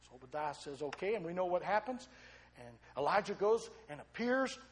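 A man preaching a sermon, retelling a story with lively repetition and questions to the congregation. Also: high-pitched, a little fast, a little hiss or hum.

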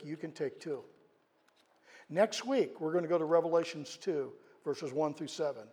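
A man delivers a sermon in a fairly high, mellow voice. He builds to loud, emphatic peaks, then drops low and quiet. His words ring out with a long reverb from the church sanctuary. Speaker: pastor.

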